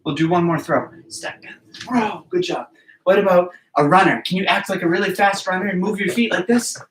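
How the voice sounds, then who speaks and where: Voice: medium pitch, steady tone, brisk, fairly bright tone, a little hiss or hum. An encouraging gymnastics coach talks simply to little kids and counts out each move while demonstrating. The voice sits back from the camera in a roomy gym, with plenty of echo around it. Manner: talks simply to small children and parents. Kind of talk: children's movement class. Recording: roomy, distant from the mic.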